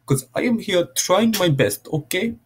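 A man's voice: sits high, lively intonation, a little slow, husky, voice pushed up, full character voice. A man voicing an exasperated, defensive man in a put-on Indian accent, who keeps repeating a friendly form of address.

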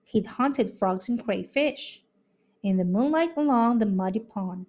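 A woman reading a children's picture book aloud in an expressive, unhurried way. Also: on the high side. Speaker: storybook reader. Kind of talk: children's read-aloud narration.

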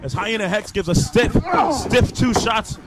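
Very high-voiced excitable wrestling commentator. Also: male voice, a little slow. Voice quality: excitable, often shouting exclamations. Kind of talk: live play-by-play commentary. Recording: loud background noise.

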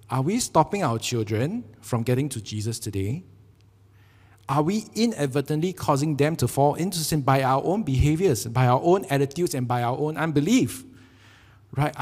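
A male pastor with a Singaporean English accent preaches in a lively, joking storytelling manner. His voice sits a little higher than most men's. The sound carries a long church-hall reverb. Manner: animated, jokey storytelling with acted quotes. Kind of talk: sermon. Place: church sanctuary.

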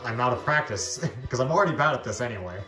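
A man's voice: mid-range voice, animated, fast talker, bright, forceful tone, roomy sound, faint music behind. A man giving casual gameplay commentary, giggling and making fun of his own skills. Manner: giggly, self-deprecating chatter. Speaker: let's play host.

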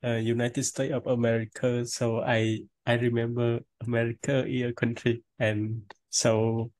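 Vietnamese accent guy practicing english, slow halting flat delivery, dry sound. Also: mid-range voice, dry recording. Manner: hesitant, halting, repeats words. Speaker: English student. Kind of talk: online English lesson practice.

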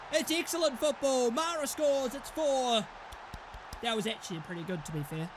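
Young guy yelling and cursing at his football sim, really high voice, bit of noise in the back. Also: moderate pace. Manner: furious, swearing, shouting at players. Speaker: gaming YouTuber. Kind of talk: live gameplay commentary.

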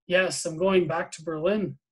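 An eager, well-meaning young boy speaks from the pages of a novel, as a man reading aloud gives him voice. His voice sits a little high, with earnest and curious questions. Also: steady tone, unhurried, a bit bright, slightly rough, rough recording.

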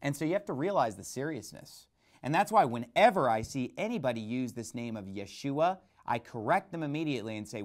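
A man's voice: medium pitch, animated, brisk. A male pastor preaching a sermon emphatically, asking and answering rhetorical questions.

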